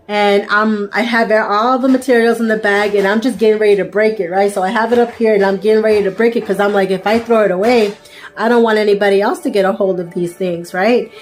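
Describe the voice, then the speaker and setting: A young woman telling a personal faith testimony in a casual, storytelling way, tossing in frequent "right?" asides and fillers. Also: medium pitch. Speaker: vlogger sharing a faith testimony.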